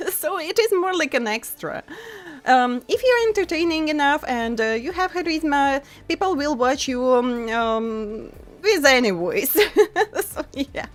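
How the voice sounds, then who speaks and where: A woman's voice: high-pitched, animated, unhurried, faint music behind. A woman streamer with a non-native English accent, chatting casually with her viewers, full of fillers and laughing often. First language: not English. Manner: chatty, frequent fillers and laughs, reads chat aloud. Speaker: VTuber streamer.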